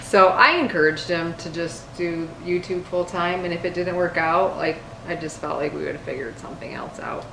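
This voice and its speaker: A woman's voice: on the low side, moderate pace, vocal fry, few pauses. A young woman chatting casually at home on a couch with her husband, giggling as she answers viewer questions. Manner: giggly, reads questions aloud. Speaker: co-host, wife. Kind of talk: casual couple Q&A chat. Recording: echoey room, faint background hiss.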